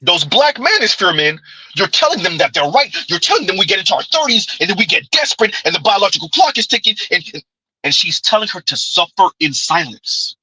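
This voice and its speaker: A man's voice: high voice, very animated, fairly quick, bright, forceful tone, breathy edge, no room sound, low-quality recording. A man hosting a commentary show, reacting to clips with emphatic, repetitive phrasing. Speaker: commentary channel host.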